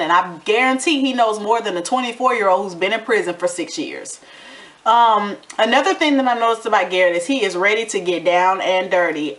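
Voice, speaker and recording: Sassy woman recapping reality TV. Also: medium pitch. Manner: animated, sassy commentary with acted-out quotes. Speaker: TV recap vlogger.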